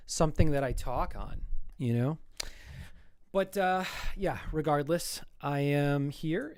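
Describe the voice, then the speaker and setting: Chatty man streamer, self-mocking, mid-pitched, dry close mic. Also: a little mellow, no room sound. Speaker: streamer and artist. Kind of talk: casual livestream chat while drawing.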